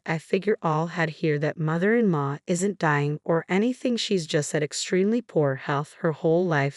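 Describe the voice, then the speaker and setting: A woman narrating a personal story from an online post in a flat, steady read-aloud delivery. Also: deep voice, no room sound, clean studio sound. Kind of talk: reading a forum post aloud.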